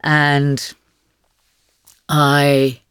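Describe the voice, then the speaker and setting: A woman in her sixties, a guest author in a podcast interview, telling stories in a wry, lively way with frequent laughs. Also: low-pitched, extremely slow, clean tone, dry recording.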